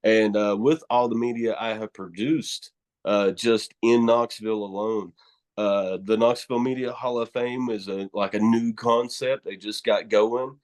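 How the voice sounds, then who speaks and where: A man's voice: on the low side, steady tone, measured pace, a little mellow. Laughing Southern man, words running together. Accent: Southern US (East Tennessee). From East Tennessee, USA. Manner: laughs often, words run together, rambling. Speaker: guest, horror host. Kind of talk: casual podcast conversation.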